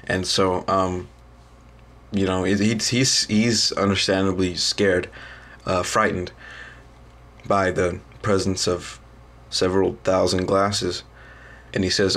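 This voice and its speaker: A young man, a student, casually retelling a story in a halting way, full of ums and restarts. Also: deep voice, little pitch movement, fairly bright tone. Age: young adult.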